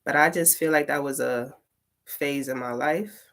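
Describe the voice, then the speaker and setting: A woman's voice: very deep voice, steady tone, a little slow, fairly bright tone. A woman tarot reader and poet telling a casual story, full of "like" fillers and swearing.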